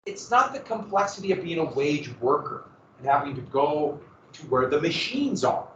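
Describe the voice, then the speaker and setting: A man's voice: fairly high pitch, big pitch swings, normal speed, slight background noise. A man teaching a history lesson in a conversational way, asking rhetorical questions and correcting himself as he goes. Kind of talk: classroom lecture. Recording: roomy, dull lo-fi classroom recording.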